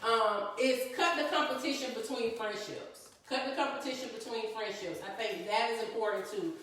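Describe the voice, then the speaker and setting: A woman's voice: on the high side, moderate pace, fairly bright tone, very echoey, distant mic, poor audio. A woman co-hosting a live talk stream, chatting casually and laughing often as she acts out friends' voices. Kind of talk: casual chat to a live audience.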